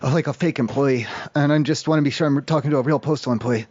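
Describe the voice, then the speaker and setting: A man making a deadpan prank call, rambling and hesitant with lots of ums and restarts. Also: medium pitch, quick pace, muffled recording. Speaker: prank caller.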